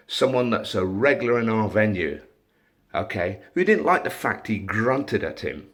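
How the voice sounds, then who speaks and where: A middle-aged man, a door supervisor, ranting bluntly to camera and swearing freely. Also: medium pitch.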